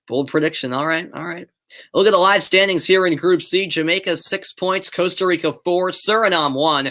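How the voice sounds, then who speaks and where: A young man in his late teens with a light Boston accent gives live play-by-play of a soccer match. Between plays he chats casually with viewers, with fillers and hesitations. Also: a little high. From Boston area, USA. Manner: chatty, answers viewers' chat between plays; animated calling of play, relaxed and hesitant in chat. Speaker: amateur play-by-play commentator. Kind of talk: live streamed play-by-play commentary with chat.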